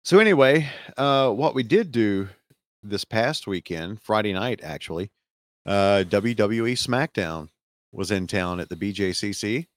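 A man's voice: on the low side, lively intonation, measured pace, no room sound. A man with a Southern American accent, hosting a casual podcast chat and telling a rambling story full of fillers. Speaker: podcast host.

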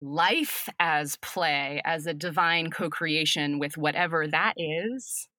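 Slow, thoughtful woman on a podcast. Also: low-pitched, no room sound. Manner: thoughtful, unhurried, laughs softly. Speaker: acting professor guest. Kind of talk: reflective podcast conversation.

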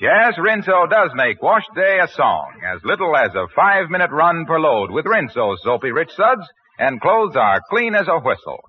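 A male announcer reading a 1940s radio commercial in a bright, upbeat selling manner. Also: fairly high pitch, big pitch swings, moderate pace, hardly any pauses. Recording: muffled old radio with jingle music.

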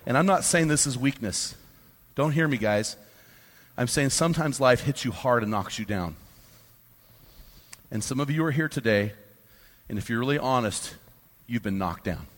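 A man preaching a fiery sermon to a room of men, swinging from hushed lows to loud, fired-up peaks. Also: animated, normal speed, pauses often. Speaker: pastor. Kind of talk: sermon to a men's gathering. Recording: long hall reverb.

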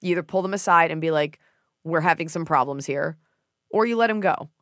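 A woman co-hosting a casual advice chat, cracking sarcastic, deadpan jokes. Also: deep voice, fairly quick, no echo, studio quality. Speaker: podcast co-host.

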